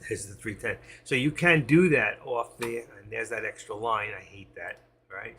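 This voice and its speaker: Male streamer, very gravelly and bright-toned, reading prices aloud at a trading desk with faint noise behind. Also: mid-range voice. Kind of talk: live trading commentary.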